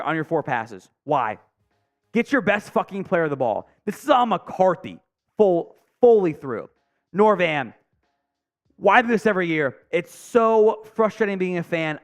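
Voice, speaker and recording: Excitable high-voiced sports stream host. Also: male voice. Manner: frustrated, swearing, reads chat aloud. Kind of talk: live play-by-play and fan commentary.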